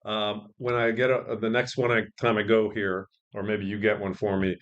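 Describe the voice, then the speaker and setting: A middle-aged man with a low-pitched voice talks through his stories in a loose, rambling way. He jokes at his own expense and often restarts his sentences. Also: flat delivery, normal speed, lo-fi sound. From born in England, raised partly in Israel, then the US. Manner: self-deprecating, joking, rambling with restarts. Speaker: guest, sports media veteran and professor. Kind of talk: casual podcast interview.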